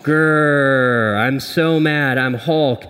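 A pastor growling as a grumpy Hulk. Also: male voice, medium pitch, drawn-out words, fairly bright tone, in a large hall. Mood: grumbling. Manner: growling, sulky complaints. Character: grumpy always-angry male superhero Hulk.

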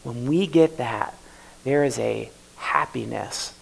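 A male pastor delivering a sermon in a loose, conversational style with a gravelly, creaky edge. He is mid-pitched and often slips into first-person prayers to make his point. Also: slow pace, poor audio. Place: church service.

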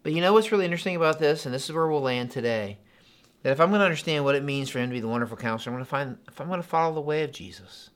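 A man, a pastor preaching a sermon in a conversational, animated way with frequent asides and repetitions. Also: fairly high pitch, very fast, clean tone.

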